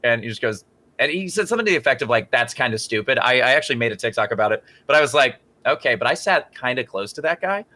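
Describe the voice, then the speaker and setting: A man co-hosting a casual podcast, telling a story with lots of laughter and excited jumps in his voice. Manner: animated storyteller, laughs often and jumps high in pitch.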